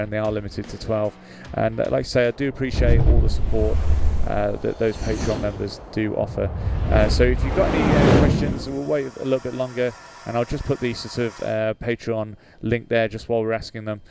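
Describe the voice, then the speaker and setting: A man's voice: medium pitch, steady tone, brisk, creaky, hardly any pauses, darkish tone, faint music behind. A British man hosting a flight sim livestream in casual chat, hesitant with many fillers, reading out viewer comments and laughing easily.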